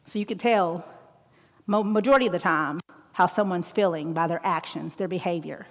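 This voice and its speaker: A woman's voice: on the low side, normal speed. A woman in her thirties giving a school talk as a guest presenter, outgoing and joking, often checking in with "right?". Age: 30s. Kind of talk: school talk on mental health. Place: large auditorium. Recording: long echo of an auditorium.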